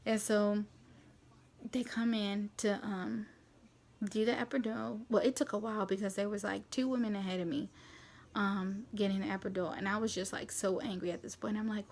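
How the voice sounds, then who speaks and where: A woman vlogger telling a personal story in a chatty, animated way, with lots of fillers. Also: mid-range voice, normal speed. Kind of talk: storytime vlog.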